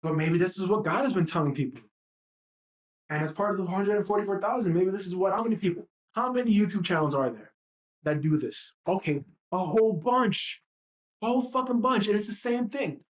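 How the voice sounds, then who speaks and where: The woman hosting this livestream talks a little fast, with a medium-pitched voice and lively intonation. She's ranting passionately, cursing and firing off rhetorical questions again and again.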